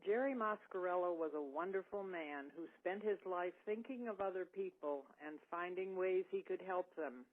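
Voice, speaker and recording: A woman's voice: on the low side, normal speed, few pauses. Woman reading a tribute over a tinny line. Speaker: reader of a remembrance. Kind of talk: read memorial tribute. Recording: tinny phone-like recording.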